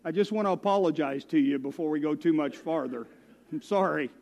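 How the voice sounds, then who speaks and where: A man's voice: fairly high pitch, fairly quick, gravelly, darkish tone, long reverb tail. A man preaching as a guest speaker, folksy and self-deprecating, telling stories. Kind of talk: sermon. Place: church.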